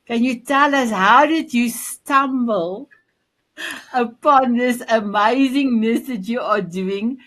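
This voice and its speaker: A woman's voice: on the high side, slow pace, a bit bright. A woman hosting an online talk show, asking guests questions with lavish compliments. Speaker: host. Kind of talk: casual interview on an online show.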